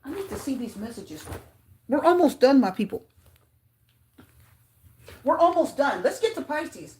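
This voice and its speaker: A woman giving a live tarot reading to her viewers, talking in an excitable way with frequent exclamations. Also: high voice, a little slow, a little hiss or hum. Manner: excitable, gasping and exclaiming at cards. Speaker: tarot reader.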